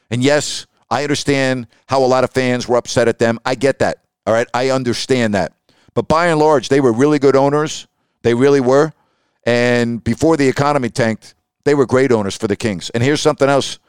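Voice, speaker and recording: A middle-aged man hosting a podcast, telling stories in an emphatic, animated way. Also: medium pitch, clean tone, no room sound, clean studio sound. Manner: emphatic, animated, acts out quoted voices. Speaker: podcast host and sports broadcaster. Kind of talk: storytelling monologue.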